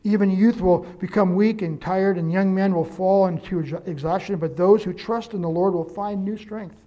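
A man preaching a sermon, quoting scripture and telling a story with lively emphasis and self-corrections. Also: high voice, normal speed, lo-fi sound. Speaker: pastor.

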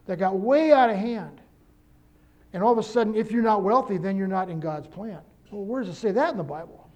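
A man preaching a sermon, quoting scripture and telling a story with lively emphasis and self-corrections. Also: sits high. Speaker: pastor.

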